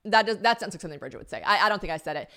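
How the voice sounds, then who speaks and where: Animated woman podcast host. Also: mid-range voice, very fast. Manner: animated, dramatic retelling with quoted voices. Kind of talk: casual storytelling podcast.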